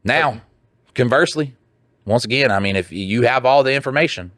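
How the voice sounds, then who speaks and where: A man's voice: medium pitch, animated, moderate pace, fairly bright tone, dry recording, clean studio sound. A man co-hosting a podcast in crude casual chat, blunt and profane, reading listener letters aloud. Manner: blunt, profane, mocking put-on voices. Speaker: podcast co-host.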